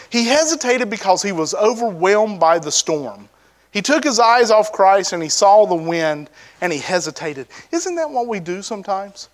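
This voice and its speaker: A man delivers a sermon in a casual, conversational manner, his voice sitting fairly high for a man. He leans on rhetorical questions and swings between lifted, emphatic bursts and quiet, low asides. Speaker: preacher.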